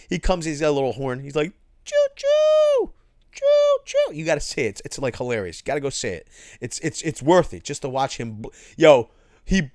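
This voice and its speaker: Animated man reading live chat. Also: fairly high pitch, no room sound, clean studio sound. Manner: animated, reads chat aloud, calls people bro. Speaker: livestream host reading chat. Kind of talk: casual live-stream chat.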